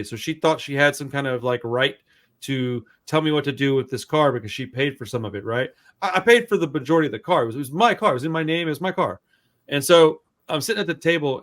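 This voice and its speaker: A young man co-hosting a podcast, telling a story in a loose, profane, animated way and acting out the quotes. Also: mid-range voice. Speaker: podcast co-host. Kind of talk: casual storytelling chat.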